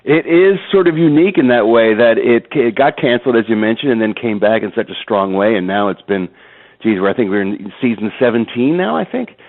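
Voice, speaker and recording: A man talks in an animated, joking way, now and then slipping into impressions. His voice sits at an ordinary middle pitch. He comes through a narrow, tinny phone line. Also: brisk. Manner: animated, jokes and slips into impressions. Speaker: guest voice actor and impressionist. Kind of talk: phone interview.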